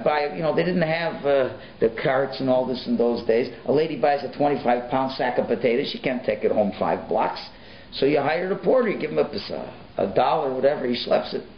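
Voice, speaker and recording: A rabbi telling a story in a sermon, animated and folksy, sprinkling in Yiddish words, in an echoey, muffled recording. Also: male voice, mid-range voice, slight background noise.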